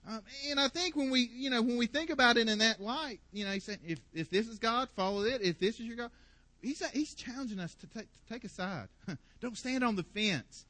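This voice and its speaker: High, bright-voiced animated male preacher. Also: brisk, dry recording. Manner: animated, playful, acts out quotes with sarcasm. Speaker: pastor. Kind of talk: sermon.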